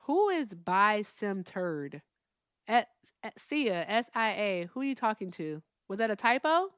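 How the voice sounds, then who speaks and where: A woman hosting a live call-in stream, chatting casually and swinging between loud remarks and hushed asides. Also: medium pitch, very animated, measured pace, clean tone, no echo, studio quality. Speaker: livestream host.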